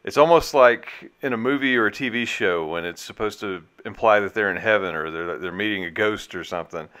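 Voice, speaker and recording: Man co-host, lowish smooth voice, bright tone, deadpan jokes. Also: a little fast. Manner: dry, jokey. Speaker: reaction video co-host. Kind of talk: casual commentary.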